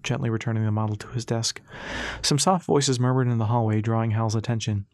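A man's voice: mid-range voice, steady tone, brisk, no echo. Man narrating an audiobook, dry sound.

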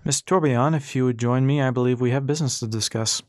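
A man voicing a courteous older gentleman who speaks in a polished, gently chiding manner. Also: medium pitch, fast talker, dry recording, studio quality, natural voice. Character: old gentleman, legendary, dry and courteous.

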